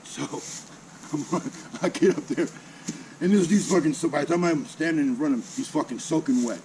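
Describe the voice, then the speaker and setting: A man's voice: on the high side, brisk, background noise. Profane older man spinning a yarn. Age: 60s. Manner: heavily profane, salty, animated with mimicked sounds. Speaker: channel host telling a personal story. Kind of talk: casual spoken storytelling.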